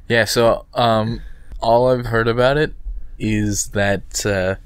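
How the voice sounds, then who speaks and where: A man's voice: fairly low pitch, steady tone, slow, smooth, dry recording. A young man co-hosting a podcast, chatting laid-back about games with many ums and uhs. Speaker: podcast co-host. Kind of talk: casual chat about video games.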